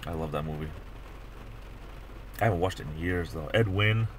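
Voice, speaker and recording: Rambling middle-aged man, lowish voice. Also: moderate pace, slight background noise. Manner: rambling, chatty, many restarts. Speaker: livestream host. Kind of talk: casual chat.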